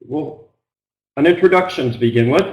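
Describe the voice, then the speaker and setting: A middle-aged man from Oregon with a plain Pacific Northwest American accent, teaching an online business English trial lesson in a slow, unhurried way with frequent ums. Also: on the high side, roomy sound, low-quality recording. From Oregon, United States.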